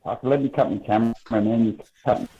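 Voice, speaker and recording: A man's voice: mid-range voice, fairly even intonation, fast, dark tone. An Australian man in his forties, swearing and joking in casual banter on a video call. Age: 40s. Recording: dull lo-fi call audio.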